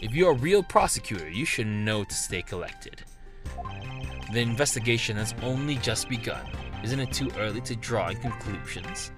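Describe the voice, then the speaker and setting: A man voicing a cool, composed male genius prosecutor from a game, speaking in a calm, formal way. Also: mid-range voice, normal speed, over music, voice pushed down, natural voice. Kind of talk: game dialogue read aloud.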